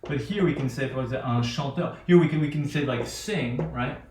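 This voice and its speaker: This classroom lecture on phonetics comes from a male linguistics lecturer whose medium-pitched voice is slightly quick and a little mellow. The sound is roomy with faint background noise, and he meanders through many restarts, peppering his talk with "right?".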